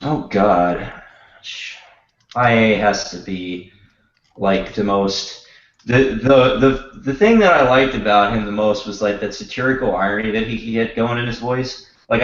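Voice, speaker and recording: A man's voice: medium pitch, a bit bright. Man on a voice chat, stuffy-nosed and sick, rambles with casual swearing; room echo. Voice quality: nasal, blocked nose. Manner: rambling, self-deprecating, swears freely. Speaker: panelist. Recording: roomy, dull lo-fi voice chat.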